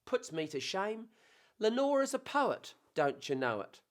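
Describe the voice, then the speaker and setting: A man hosting a casual, playful monologue, rambling warmly between jokes and memories. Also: high voice, very animated, a little slow. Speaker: host.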